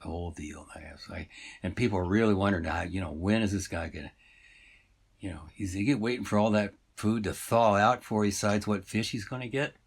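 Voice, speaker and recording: A man with a low, husky voice tells a tale in a loose, meandering way. He wanders through asides and fillers as he goes. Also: fairly quick. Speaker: storyteller. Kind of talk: rambling casual storytelling.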